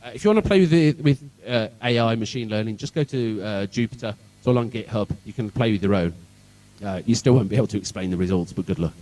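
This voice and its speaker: A man from Birmingham, England, with a Birmingham accent gives a sarcastic, irreverent security talk at a conference, swearing freely in a comic tech-talk style. His voice is lowish, warm and quick, with lively intonation. Recorded from a distance in an event hall, the quality is low.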